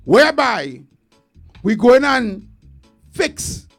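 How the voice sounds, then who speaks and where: A Trinidadian man speaks slowly and earnestly, laying out his points one at a time in a fairly high voice. He sounds like he's hosting a community talk, with faint music under him. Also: big pitch swings, creaky, fairly bright tone. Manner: earnest, measured, lists points deliberately. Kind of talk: casual discussion.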